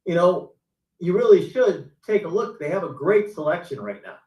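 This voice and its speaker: A man's voice: fairly high pitch, animated, moderate pace, warm tone. A middle-aged man, a car sales veteran, telling stories casually on a live stream and acting out his customers' lines. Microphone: video call. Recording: roomy, distant mic.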